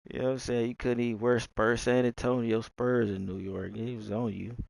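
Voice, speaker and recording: A man's voice: medium pitch, little pitch movement, normal speed, gravelly, a little mellow, no room sound, poor audio. A young man from Texas with a Southern drawl, rambling casually in a slangy, wandering monologue. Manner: slangy, drawling, jumps between topics.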